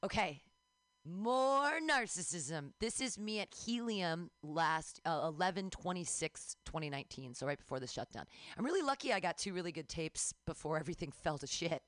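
A woman's voice: fairly low pitch, lively intonation, normal speed, fairly bright tone, no room sound. A woman in her fifties hosting a radio show, talking candidly and critically about her own comedy. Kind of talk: casual radio chat.

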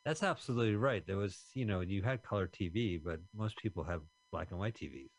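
A man co-hosting a casual movie commentary, playful and quick with puns. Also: sits low, expressive, no echo. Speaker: co-host.

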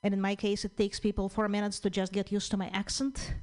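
A woman's voice: mid-range voice, flat delivery, a little fast, a little mellow, low-quality recording. Woman with a Russian-Ukrainian accent. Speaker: stand-up comedian. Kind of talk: stand-up set at an open mic.

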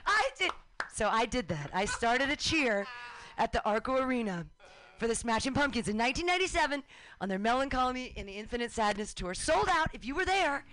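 Bright animated woman telling a story. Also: a little high, brisk. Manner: lively, acts out her own shouting and cheering.

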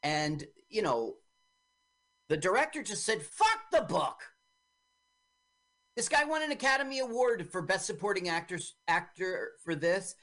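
A woman's voice: fairly low pitch, big pitch swings, moderate pace, a bit bright. A woman co-hosting a radio show, chatting casually about an old film and acting out quoted lines as she retells the story. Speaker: radio co-host.

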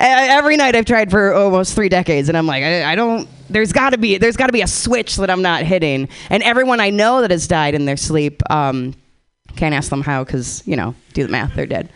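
A woman in her thirties doing a stand-up set, rambling with dark deadpan humor and acting out quotes. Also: medium pitch, moderate pace, clear, resonant tone. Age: 30s. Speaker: stand-up comedian.

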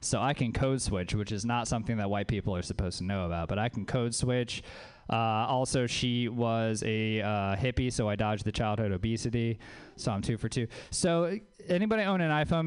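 A man's voice: medium pitch, clean tone. Dry, self-mocking stand-up comedian man. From Louisiana. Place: comedy club stage.

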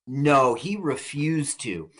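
A man's voice: medium pitch, very animated, slow pace, a bit bright. A man co-hosting a radio show, bantering and joking while they watch a movie, laughing often and acting out little bits. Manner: jokey storyteller, laughs often, acts out bits.

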